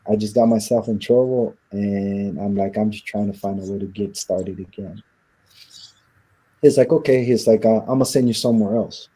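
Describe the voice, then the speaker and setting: A man's voice: lowish voice, fairly even intonation, moderate pace, warm tone, husky. A man being interviewed, telling a personal story and acting out the lines of the people in it. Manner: recounts events by acting out quoted dialogue. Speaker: interview guest.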